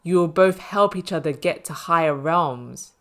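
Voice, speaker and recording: A woman's voice: low voice, normal speed, a bit bright. A woman talks through a tarot reading in a casual, chatty way. She keeps it reassuring and loose, and fills her sentences with "you know" and "like". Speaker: tarot reader.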